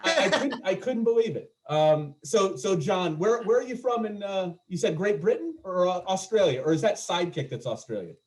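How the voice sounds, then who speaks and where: A man's voice: high-pitched, big pitch swings, moderate pace, hardly any pauses. A man doing a stand-up comedy set over a video call, chatting and joking with his audience in a self-deprecating way.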